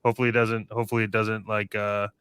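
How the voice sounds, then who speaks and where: A man co-hosting a podcast in casual group chat, quick and agreeable, often restarting sentences. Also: fairly low pitch, level tone, a bit bright, smooth, no room sound. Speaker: podcast co-host.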